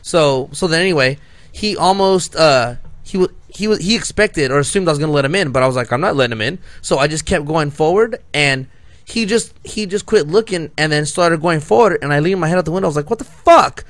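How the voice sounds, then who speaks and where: A man's voice: fairly high pitch, animated, fairly quick, dry recording. Guy in his 30s rambling thru a dirty story on a podcast, cussing a lot, laughing at himself. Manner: rambling, profane, laughs at his own stories. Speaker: podcast co-host. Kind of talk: casual storytelling.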